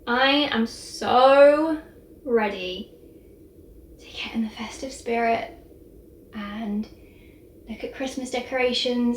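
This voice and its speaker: A woman's voice: a little high, a little hiss or hum. A young woman, chatting casually and gushingly in a vlog, full of "like" and little laughs. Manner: bubbly, gushing, lots of "like". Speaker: vlogger.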